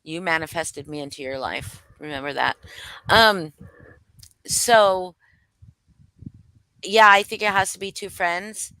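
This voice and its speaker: A young woman co-hosts a loose gossip livestream, talking bluntly and swearing as she goes. Her voice is bright and forceful, and she often stops and restarts her sentences. The sound is dry and close to the mic. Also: lowish voice, steady tone, takes it slowly, long pauses, no room sound. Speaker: livestream co-host. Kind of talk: casual gossip commentary chat.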